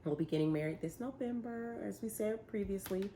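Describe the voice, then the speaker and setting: A young woman, casually telling a story, animated and laughing as she acts out what people said. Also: medium pitch, fairly quick, slight background noise. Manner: animated, laughing retelling with quoted voices. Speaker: vlogger, bride-to-be.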